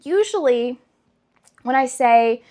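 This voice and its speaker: A woman's voice: sits high, lively intonation, slow pace, warm tone. A young adult woman chatting casually and gushing about books she loves, with lots of "like". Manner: chatty, gushing, many likes. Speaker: book vlogger. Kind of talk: casual chat.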